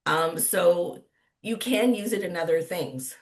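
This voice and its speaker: A woman with a Canadian accent moderates a live online cooking session. Her voice sits fairly low, and she keeps the talk chatty and upbeat, laughing easily with her guest. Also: slow pace. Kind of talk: casual livestream chat.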